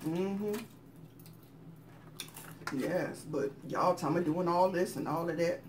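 A woman's voice: on the low side, slow, a little mellow, slight background noise. Chatty Southern woman at a mukbang. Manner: chatty, laughing, talks while chewing. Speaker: mukbang channel host. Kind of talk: casual chat while eating.

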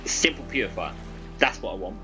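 A man talking to himself through a survival game, excitable and prone to swearing, with game music behind him. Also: lowish voice, a little fast. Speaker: gaming YouTuber. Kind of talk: let's-play commentary.

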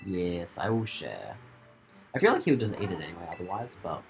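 A man's voice: deep voice, big pitch swings, fairly quick, creaky, faint music behind. A man giving playful, joking commentary while he plays a video game for his channel. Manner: playful, laughs and jokes while playing. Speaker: gaming channel host. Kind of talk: casual let's-play commentary.

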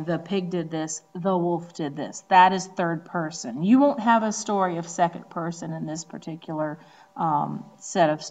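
A woman teacher from the Northeastern United States lectures in a relaxed, conversational way. Her voice sits somewhat low for a woman. She often pauses on ums and slows down to lean on important words. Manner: conversational explaining with frequent ums. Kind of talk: recorded classroom lecture.

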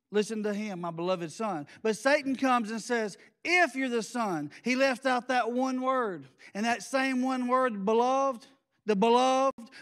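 A man preaching as pastor in a church, intense, blunt and folksy, with grandma sayings and quick asides. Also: extremely high pitch, fairly bright tone. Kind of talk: sermon.

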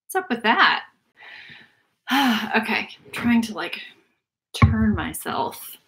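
A woman's voice: a little high, sing-song, slow, a bit bright. A woman, chatting casually on a livestream from a small home office, laughing and sighing often. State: out of breath. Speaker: livestream host.

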